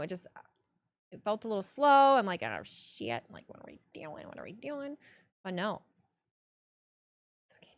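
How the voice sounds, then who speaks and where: A young adult woman streaming live, reading chat and talking in a blunt, profane, animated way. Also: medium pitch.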